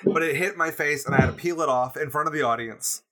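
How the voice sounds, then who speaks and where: Bright-voiced man telling a rambling story. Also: on the high side, fast. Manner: rambling anecdotes with laughs and restarts. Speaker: guest drummer. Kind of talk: casual storytelling. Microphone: video chat.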